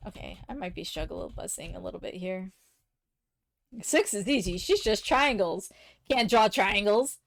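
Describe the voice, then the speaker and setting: A woman with a noticeably gravelly, fry-laden voice chats with her viewers as she draws on a live stream. She teases herself about her mistakes and talks straight to her chat. Her voice often sinks into low mutters while she concentrates. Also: lively intonation, normal speed. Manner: chatty, self-mocking, talks to her chat; often drops to quiet muttering while working. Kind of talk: casual chat while drawing.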